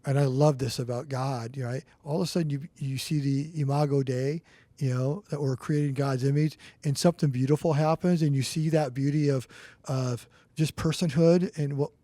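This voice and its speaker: A man's voice: mid-range voice, fairly even intonation, normal speed, mellow, no room sound. A middle-aged man co-hosting a church podcast, telling a personal story in a rambling, earnest way with restarts. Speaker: podcast co-host. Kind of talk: casual storytelling chat.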